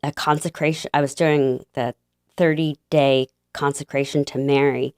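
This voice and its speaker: A woman guest telling a personal faith story in an interview, halting and emotional, with many fillers and restarts. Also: extremely low pitch, steady tone, darkish tone, clear, resonant tone, no echo, studio quality.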